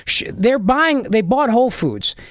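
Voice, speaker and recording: A man's voice: extremely high pitch, big pitch swings, measured pace, fairly bright tone, no echo, clean studio sound. A man hosting a call-in talk radio show, sarcastic and mocking as he takes calls. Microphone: studio mic.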